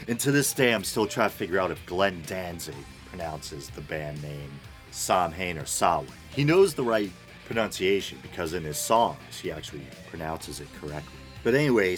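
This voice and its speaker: A man's voice: low voice, a bit bright. A man hosting his show alone, just up from a nap, rambling through an unscripted monologue with wry, self-mocking asides. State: groggy after a nap. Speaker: podcast host.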